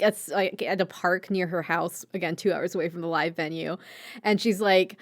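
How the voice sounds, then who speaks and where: A woman's voice: on the low side, steady tone, normal speed. Chatty woman podcast co-host. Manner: chatty, filler-heavy, giggly. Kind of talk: casual anime recap.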